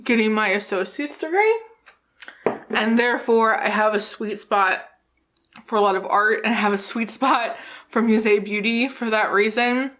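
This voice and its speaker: A makeup YouTuber from New Jersey, USA, chats tipsily through a casual vlog, rambling, giggling, and swearing freely. Her voice is fairly high and fairly bright, at normal speed.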